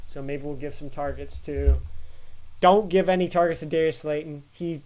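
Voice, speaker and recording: A man co-hosting a casual sports picks chat, talking in halting bursts with restarts. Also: on the high side, fairly even intonation, darkish tone. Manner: halting, restarts and fillers, quick laughs.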